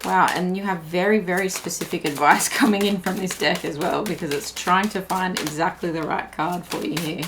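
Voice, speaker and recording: A young woman talks through a tarot reading in a loose, chatty flow, circling back and restarting her thoughts. Her voice sits on the lower side for a woman. A faint noise runs underneath the recording. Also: fairly even intonation, normal speed, hardly any pauses. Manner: chatty, meandering, lots of "like" and restarts. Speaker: tarot reader. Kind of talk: pick-a-card tarot reading.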